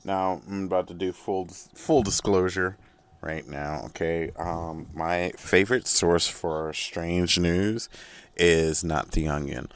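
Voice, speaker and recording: Deep-voiced, swearing podcast host. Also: male voice, steady tone, slow pace, smooth. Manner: profane, rambling, self-mocking. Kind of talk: casual solo podcast rant. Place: small rented recording studio.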